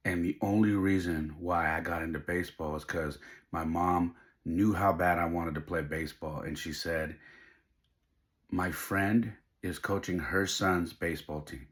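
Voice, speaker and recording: A man's voice: low voice, steady tone, unhurried. A middle-aged man hosting a podcast, telling a personal story in an emotional, heartfelt way. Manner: emotional, heartfelt, faith-driven. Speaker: podcast host.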